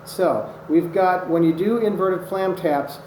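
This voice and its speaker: A man's voice: high-pitched, unhurried. Man teaching drum rudiments, echoey room. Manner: patient, methodical, counts strokes aloud. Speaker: drum instructor. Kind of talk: instructional demonstration. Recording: echoey room with loud noise. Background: drumming on a practice surface.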